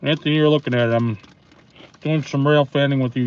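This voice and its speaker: A laid-back man chatting with viewers on a live stream, speaking in a fairly flat tone and drifting through thoughts with plenty of pauses and fillers. The sound is dull and lo-fi, like a phone mic, with a faint hiss underneath. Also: medium pitch. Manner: relaxed, rambling, many pauses and fillers.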